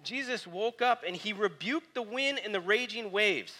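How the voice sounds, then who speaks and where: A man preaching a sermon, telling stories with lively energy and dropping to quiet, soft reflection. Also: high-pitched, moderate pace. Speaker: pastor.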